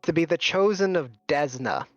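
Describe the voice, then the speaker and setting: A man's voice: on the high side, animated, normal speed, dry recording, lo-fi sound, lightly acted. A man voicing a small male gnome mystic who talks in an offhand, matter-of-fact way. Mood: defiant.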